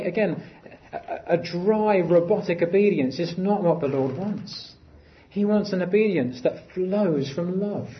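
In a lo-fi recording, a man preaches with earnestness, building to emphatic lines and falling back to quiet, low phrasing.

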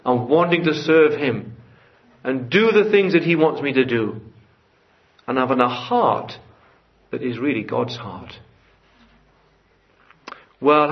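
A man preaching a sermon in a church, earnest and building to fervent emphasis. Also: a little high. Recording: dull lo-fi church recording.

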